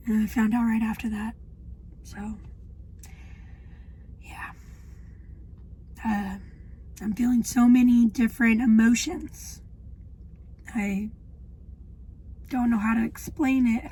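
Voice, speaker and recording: A woman in her twenties talking in a personal video diary, halting and emotional, with many pauses. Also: a little high, mellow, breathy edge, poor audio. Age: 20s. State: shaky. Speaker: vlogger.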